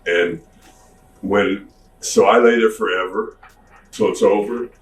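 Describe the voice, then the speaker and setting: A man casually telling an anecdote as a podcast guest, slangy and animated, recorded from a distance in an echoey room. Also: on the low side, takes it slowly, slight background noise. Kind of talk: storytelling anecdote.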